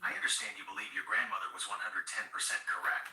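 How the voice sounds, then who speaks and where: A male AI assistant answers in a very bright, fast, polished voice. He is formal and apologetic in a scripted way. It plays through a speaker in a roomy space, away from the mic. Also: low voice, steady tone, far from the mic.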